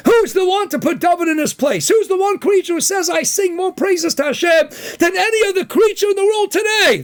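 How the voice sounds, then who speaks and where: A man, a rabbi from the United States, giving a Torah lecture in an animated way, firing off rhetorical questions. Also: very high-pitched.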